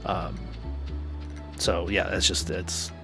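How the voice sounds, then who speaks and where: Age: adult. Sex: man. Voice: low. Style: chatty therapist co-host. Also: flat delivery, slow, creaky, over music. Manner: loose and chatty, full of fillers. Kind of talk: casual podcast chat.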